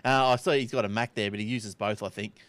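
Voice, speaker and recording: A man hosting a tech podcast in a casual, chatty way, with quick asides. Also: on the low side, steady tone, a bit bright, dry recording. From Australia. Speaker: podcast host. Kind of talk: casual chat.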